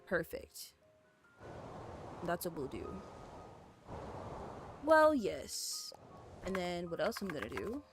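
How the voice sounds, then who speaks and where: With music in the background, a young woman streamer talks slowly in a lowish voice with huge pitch swings, pausing often. She rambles to her chat while building in a game, filling her speech with "like" and "you know," apologetic and chatty toward viewers.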